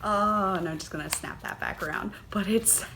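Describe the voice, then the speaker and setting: A woman hosting a knitting podcast, chatting casually and gushing excitedly, with plenty of fillers and little gasps. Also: low-pitched, fairly quick, gravelly, background noise. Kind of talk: casual chat.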